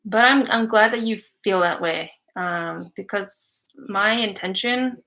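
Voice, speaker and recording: A woman's voice: medium pitch, measured pace, pushed and bright. A young woman giving psychic readings on a live stream, chatty and giggly with many fillers.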